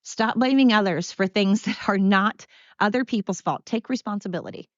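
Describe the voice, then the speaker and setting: A woman's voice: medium pitch, moderate pace, no echo, dull audio. An older woman hosting a solo podcast from home, ranting bluntly and sarcastically with plenty of profanity. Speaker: podcast host.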